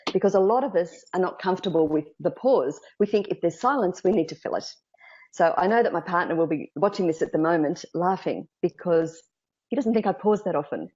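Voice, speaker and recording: An Australian woman speaking as a public speaking coach, with a low, mellow voice. She talks lively and emphatic, acting out the thoughts of nervous speakers. The audio is dull and lo-fi, as from a video call. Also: slightly rough. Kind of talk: interview guest advice.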